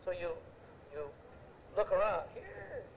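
An older man delivers a sermon in a high, lively voice, driving points home with repetition and homespun stories. Faint noise sits under the recording. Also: normal speed, low-quality recording. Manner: emphatic, anecdotal, repeats phrases for effect. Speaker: preacher.

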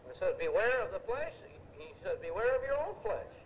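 Older guy preaching, high lively voice, repeats himself for punch, bit of hiss behind. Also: a little fast, poor audio. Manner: emphatic, anecdotal, repeats phrases for effect. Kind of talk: sermon.

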